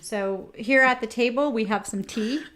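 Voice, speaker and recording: A woman's voice: on the high side, moderate pace, fairly bright tone. A woman co-hosting a casual spiritual chat at a home table, chatty and thoughtful, describing herself as cautious. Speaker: co-host.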